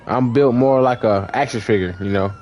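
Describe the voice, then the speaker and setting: A young man in voice chat, rambling through a profane story full of "like" and restarts, acting out lines with shouts. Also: mid-range voice, moderate pace, a little hiss or hum. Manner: acts out quoted lines, shouting and laughing. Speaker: gamer in voice chat.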